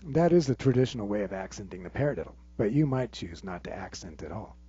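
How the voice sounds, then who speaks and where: A man teaching a drum lesson, explaining step by step in a relaxed way and counting stickings aloud. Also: lowish voice, quick pace, over music. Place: room with a drum kit. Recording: muffled sound with loud drums. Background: loud drumming between phrases.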